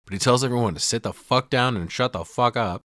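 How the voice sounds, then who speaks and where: A man's voice: medium pitch, fast, a bit bright, no echo, studio quality. A man hosting a podcast, recapping a film casually, swearing freely and acting out the characters' lines as he retells the scenes. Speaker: podcast host.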